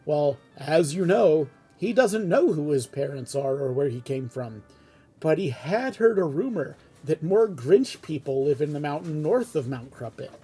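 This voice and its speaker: A man reads a script aloud at home in an easygoing, chatty way, dropping in casual remarks between passages. His voice is a touch high yet mellow and dark, with a husky edge, and faint music plays behind him. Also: measured pace. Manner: relaxed, chatty reading with asides. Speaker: reader of a fan script. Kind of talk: casual read-aloud narration.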